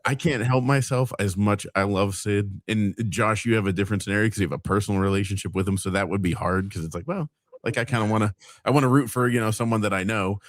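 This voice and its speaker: A man's voice: on the low side, fast talker, no room sound, studio quality. A man hosting a podcast, joking loosely about hockey with his co-hosts. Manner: jokey, loose. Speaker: podcast host. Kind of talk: casual sports chat.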